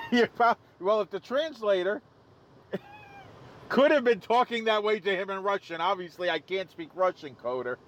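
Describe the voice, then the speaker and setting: A man's voice: high voice, expressive, normal speed, fairly bright tone. A man hosting a live stream outdoors, joking casually and laughing at his own jokes. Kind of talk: casual livestream commentary.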